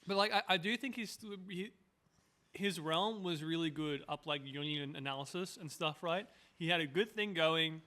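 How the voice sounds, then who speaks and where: A man's voice: fairly high pitch, normal speed, sharp tone. A man as a podcast guest, chatting casually with rambling asides.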